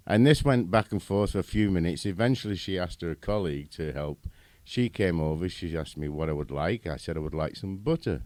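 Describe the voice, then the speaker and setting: A British man speaks in a deep, low voice as a podcast guest. He tells chatty stories and chuckles at them. The sound is dry and close. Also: expressive, a little fast, a little mellow, no echo. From Britain. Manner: chatty storyteller, chuckles at own anecdotes. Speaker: guest, runs animal bylaw service. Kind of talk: casual podcast chat.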